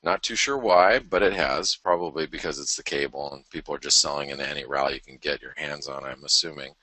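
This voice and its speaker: With a rumbling low voice and a sharp tone, this male show host moves at a fairly quick pace. He thinks aloud over the charts on his live forex market show, keeping it casual and poking fun at himself now and then. There's no echo.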